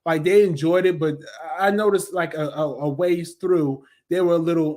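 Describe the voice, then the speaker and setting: A man in his thirties giving a casual, animated movie review, full of slang, fillers and mocking impressions of critics. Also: fairly high pitch, normal speed, hardly any pauses.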